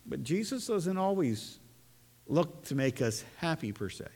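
A man's voice: fairly high pitch, very animated, a little slow, darkish tone. A man preaching a sermon in an earnest, conversational way, often restarting his phrases. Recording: long hall reverb.

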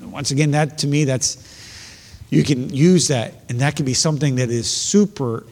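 A man's voice: mid-range voice, moderate pace, darkish tone, long reverb tail. A man preaching a sermon, reading scripture aloud and explaining it earnestly, often repeating words as he builds his points.

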